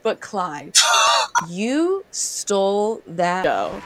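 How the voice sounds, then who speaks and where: With heavy background noise behind her, a young woman from South Carolina tells a story in casual conversation. Her medium-pitched voice draws out words, and she's animated, acting out quotes and laughing frequently.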